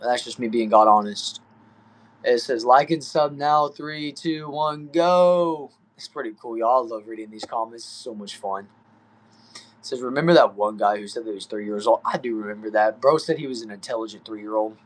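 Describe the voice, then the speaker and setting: A young man with a Texan Southern accent hosts a live stream from a small back shed. He talks easygoing and friendly, reading out viewer comments and answering in slangy chatter. His voice sits at an ordinary middle pitch. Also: moderate pace. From Texas. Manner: easygoing, chatty, says y'all and bro a lot. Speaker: livestream host. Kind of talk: casual livestream chat, reading comments.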